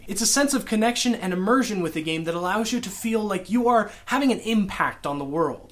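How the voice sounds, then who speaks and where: A man's voice: sits high, a bit bright. Playful young man vlogging at home. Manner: playful, joking answers. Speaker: vlogger host. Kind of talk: casual vlog Q&A. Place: home, in front of a couch and wall.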